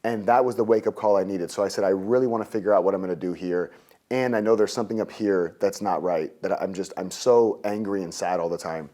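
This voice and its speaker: Animated storytelling man. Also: deep voice, quick pace. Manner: animated, jokey, acts out his own past rants. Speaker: interview guest, coach. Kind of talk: storytelling in an interview.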